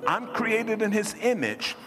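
Brief: male pastor, fairly high and lively voice, call-and-response sermon, echoey hall with music underneath. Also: measured pace. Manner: call-and-response, urging the congregation to repeat; animated, rising to shouts. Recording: reverberant hall with music behind.

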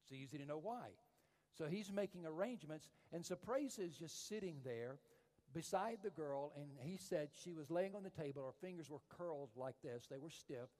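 A man's voice: a little high, lively intonation, moderate pace. Male preacher, sermon delivery, slightly raised voice, long hall reverb, dynamic storyteller. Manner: storytelling preacher, swinging from hushed to loud and emphatic.

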